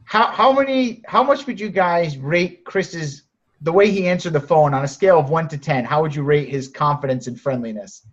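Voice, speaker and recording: Upbeat man coaching sales on a call. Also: a little high. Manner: direct, encouraging, talks in quick restarts. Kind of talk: coaching talk on a group call. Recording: muffled lo-fi audio.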